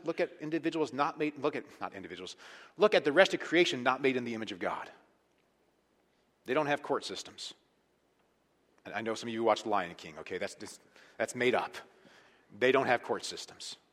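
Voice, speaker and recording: A man preaching a sermon as pastor, talking conversationally and with emphasis, swinging between loud points and hushed asides. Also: on the high side. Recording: long hall reverb.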